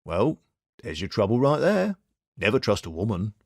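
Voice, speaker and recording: A man voicing a shrewd, steady young male detective who talks bluntly and wryly. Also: on the low side, normal speed, gravelly, husky, dry recording, studio quality, heavily acted. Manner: blunt, wry and reassuring.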